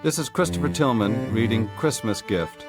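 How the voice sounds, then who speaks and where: A man narrating a literary short story in a steady, measured reading. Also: mid-range voice, loud music behind the voice. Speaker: audiobook reader.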